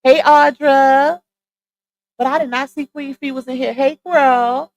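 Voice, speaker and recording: A woman with a Southern Louisiana accent hosting a live stream, chatting casually and straight to her viewers on a boom-arm mic. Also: fairly even intonation, a little slow, no room sound, lo-fi sound. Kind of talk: casual chat. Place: home streaming setup. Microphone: side-mounted boom arm mic.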